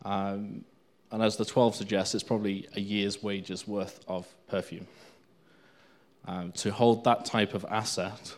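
A man with a fairly low voice gives an informal Bible teaching. He reads passages of scripture aloud and comments on them in between, unscripted and loose, with fillers and restarts. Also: flat delivery, unhurried.

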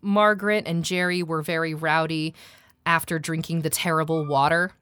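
A woman who is a trained actor and accent coach, chatting animatedly, quick to laugh, and demonstrating sounds as she explains them. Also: low voice, fairly even intonation, a bit bright, clear, resonant tone, no room sound.

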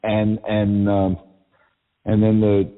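A man's voice: fairly low pitch, monotone, slow. A man with a Massachusetts accent, a guest singer-songwriter chatting casually, rambling with lots of fillers. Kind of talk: casual call-in chat. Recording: tinny phone-like line with faint music.

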